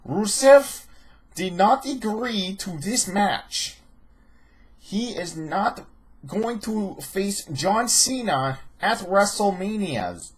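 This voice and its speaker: A man voicing a hammy male lawyer with a put-on Russian accent, talking slowly and with overblown drama. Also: extremely high pitch, voice pushed up. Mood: stiff.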